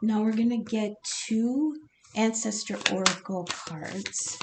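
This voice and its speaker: A woman's voice: medium pitch, slow pace, very noisy. Casual, rambling woman tarot reader. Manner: rambling, conversational, swears casually. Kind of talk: casual tarot reading vlog.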